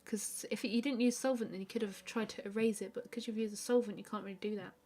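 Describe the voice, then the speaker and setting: A woman, an artist hosting a live stream, chatting casually and answering viewer questions with a relaxed, rambling manner full of fillers. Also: medium pitch, fast. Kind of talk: casual chat while drawing.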